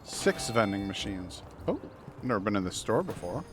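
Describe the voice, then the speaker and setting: A man's voice: lowish voice, very animated, moderate pace, over music. A man livestreaming a video game, chatting playfully and reading dialogue aloud, slipping into silly voices for characters. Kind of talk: casual gameplay commentary with read-aloud dialogue.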